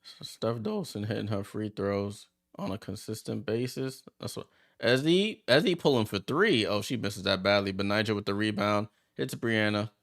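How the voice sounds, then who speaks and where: A man hosting a watchalong, giving chatty, excitable play-by-play as he reacts aloud to the game. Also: lowish voice, moderate pace, gravelly. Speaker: watchalong host. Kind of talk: casual live play-by-play commentary.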